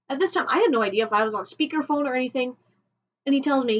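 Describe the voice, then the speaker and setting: A woman telling a personal story on a vlog, emotional and halting, often restarting her sentences. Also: high-pitched. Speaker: vlogger. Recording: dull lo-fi home recording.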